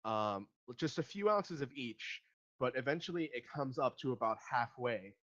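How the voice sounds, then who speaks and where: Man, game master, mid-pitched, slightly muffled recording, relaxed, many fillers. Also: moderate pace. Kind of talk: narrating a tabletop game.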